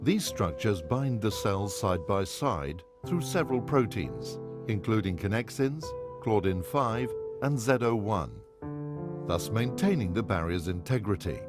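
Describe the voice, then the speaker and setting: A man reading scripted scientific narration in a measured, precise way. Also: on the low side, lively intonation. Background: clear guitar music.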